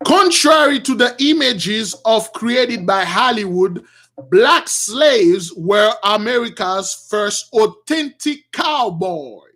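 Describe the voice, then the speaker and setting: A man preaching to his followers in an emphatic, repetitive way, swinging between shouts and quiet asides. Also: high voice, expressive, slow pace. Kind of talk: street-style sermon.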